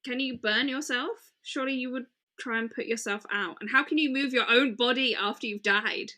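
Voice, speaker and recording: A tired young woman co-hosting a casual true-crime podcast, firing off quick joking questions. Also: on the high side, bright, forceful tone. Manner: quick questions, jokey, interrupts. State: tired, yawning. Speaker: podcast co-host.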